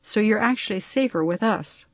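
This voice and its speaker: A woman's voice: medium pitch, moderate pace, no echo, lightly acted. A woman reading an audiobook story, voicing a small, harried male bee man who talks politely but grows impatient. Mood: pleading. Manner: pleading, then stern and impatient.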